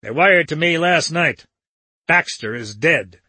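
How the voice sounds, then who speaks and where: A man's voice: fairly high pitch, animated, slow, pushed and bright, breathy edge, no room sound, exaggerated voice. A man voicing an irritable, dyspeptic little older man who snaps out indignant questions.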